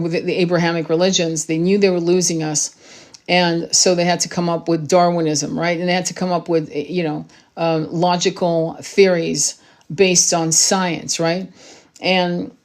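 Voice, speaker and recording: Woman, spiritual channel host, forceful monologue, salty language, rhetorical questions, lower-pitched voice. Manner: blunt, profane, emphatic, rhetorical asides.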